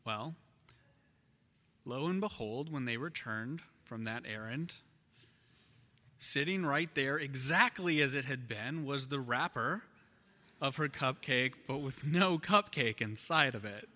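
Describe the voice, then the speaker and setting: A man preaching a sermon, telling a childhood story with lively swings between loud and hushed delivery. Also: mid-range voice, takes it slowly, in a large hall. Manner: animated storyteller, shifts loud and soft. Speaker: pastor.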